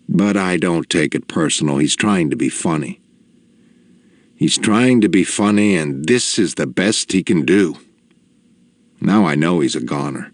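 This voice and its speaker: A man narrating a personal story in the first person, slow, measured and reflective. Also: low-pitched, expressive, dry recording.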